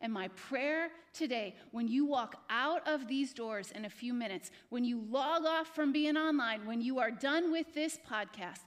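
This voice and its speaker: A woman's voice: high-pitched, lively intonation, a little slow, few pauses. A woman pastor preaching a sermon to a live congregation in a church, repeating phrases and speaking to people by name. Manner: repetitive, exhorting, addresses congregation by name.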